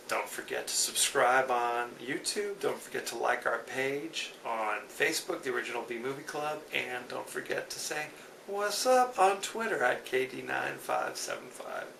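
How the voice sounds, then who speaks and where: Brief: male podcast host, casual wry review, bright gravelly voice, echoey room, mic at a distance, faint hiss. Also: mid-range voice. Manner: dry, wry asides with a repeated catchphrase. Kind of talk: solo movie review monologue.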